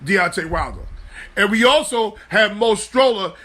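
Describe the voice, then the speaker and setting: Bright high-voiced joking host. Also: male voice, measured pace. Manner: animated, loose and joking, swears freely. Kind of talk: live sports talk show.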